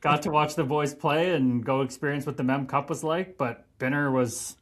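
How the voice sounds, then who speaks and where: A man in his thirties, a hockey player telling stories on a podcast, animated, swearing and laughing as he goes. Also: fairly high pitch, moderate pace. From Canada. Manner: animated, profane, laughing storyteller. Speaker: guest, pro hockey player. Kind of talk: casual podcast storytelling.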